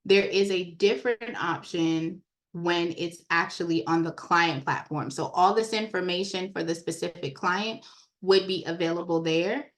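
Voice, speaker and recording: A woman giving a casual, chatty walkthrough of credit repair software on a screen share, talking straight to her viewers. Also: fairly low pitch, a little slow. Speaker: software trainer.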